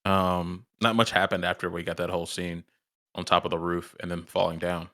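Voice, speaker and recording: A man's voice: low voice, little pitch movement, fairly quick, sharp tone. A man co-hosting a casual podcast chat in a laid-back way, full of filler words. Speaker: podcast co-host.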